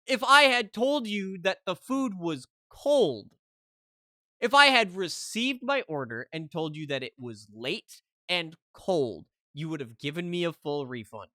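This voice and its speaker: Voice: medium pitch, big pitch swings, unhurried, bright, forceful tone, no echo, studio quality. A streamer telling a story to chat in a heated, casual rant, keeping on asking "right?".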